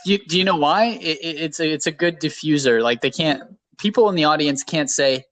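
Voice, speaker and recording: A man's voice: a little high, a little fast, few pauses, a bit bright, dry recording. A man co-hosting a casual podcast, talking in a rambling, self-deprecating way. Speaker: podcast co-host.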